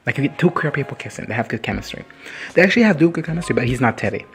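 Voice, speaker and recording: Talking at a racing, animated clip with faint music behind him, this medium-pitched man delivers a foul-mouthed, offhand rundown of a TV episode. As a reaction vlogger, he cracks up often, curses without restraint, and performs the characters' parts.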